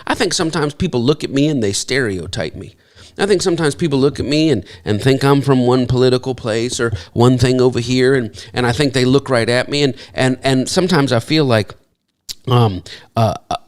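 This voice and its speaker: A man giving a talk, telling stories in a folksy, conversational way and acting out the dialogue. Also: medium pitch. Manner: animated storyteller who acts out quoted dialogue. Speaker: speaker. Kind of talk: storytelling talk to an audience.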